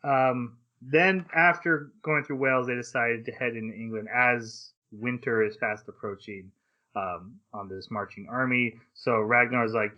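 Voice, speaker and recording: A man's voice: mid-range voice, fairly even intonation, unhurried. Man, podcast host, casual plot recap, lots of um and uh, slightly dull lo-fi sound. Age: adult. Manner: recaps the plot at length with fillers and playful paraphrased quotes. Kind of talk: casual anime discussion podcast.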